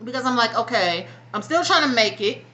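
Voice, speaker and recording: Vlogger, young woman: high, bright voice, blunt profane venting, near tears. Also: lively intonation, a little fast. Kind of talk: emotional personal vlog rant.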